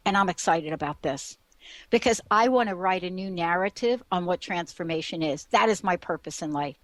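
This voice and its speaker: A woman's voice: mid-range voice, brisk, no room sound. A woman hosting a radio talk show, chatting eagerly and rambling with many fillers and restarts. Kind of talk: casual radio chat.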